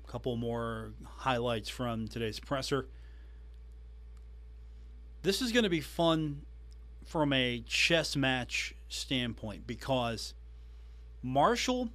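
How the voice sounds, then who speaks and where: A man hosting a sports podcast, recapping a coach's press conference with emphatic, animated delivery. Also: mid-range voice. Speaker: podcast host.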